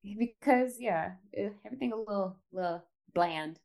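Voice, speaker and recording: A woman co-hosting a podcast in casual chat, relaxed and supportive, often murmuring agreement. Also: mid-range voice, moderate pace, creaky. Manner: supportive, relaxed, backchannels a lot. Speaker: podcast co-host.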